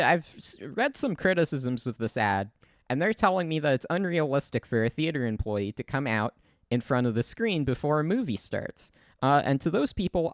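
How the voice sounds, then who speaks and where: A man's voice: fairly high pitch, dry recording, clean studio sound. Rambling, giggly young man streaming. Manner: rambling, giggly, lots of fillers and restarts. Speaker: livestreamer. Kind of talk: casual stream commentary. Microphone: desk mic, untested.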